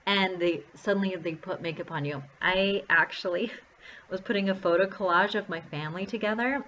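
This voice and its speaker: A woman's voice: fairly low pitch, fairly bright tone, a little hiss or hum. A woman chatting casually to the camera, sharing self-confidence tips in a rambling, upbeat way. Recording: slightly dull lo-fi recording.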